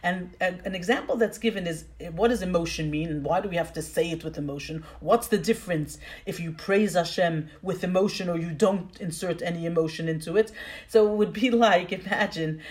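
A woman's voice: lowish voice, a little fast, darkish tone. A woman teaching an online class on prayer over a video call. She explains patiently and uses many fillers and restarts.

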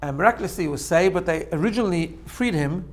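This man speaks fast in a high, expressive voice while giving a casual religious talk as a teacher of faith. He spins stories, often asks his audience "right?", and chuckles at his own jokes.

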